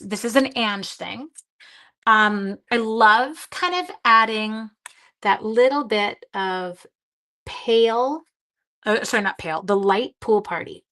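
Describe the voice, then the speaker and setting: A sleep-deprived middle-aged woman hosts a live craft-along video, her mid-range voice pushed and bright. She's chatty, talking with live viewers as she works.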